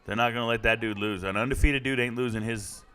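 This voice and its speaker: A man's voice: mid-range voice, steady tone, fast, bright, forceful tone, clean tone. A middle-aged man giving blunt, casual live-stream commentary on a fight and chatting with his viewers. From United States.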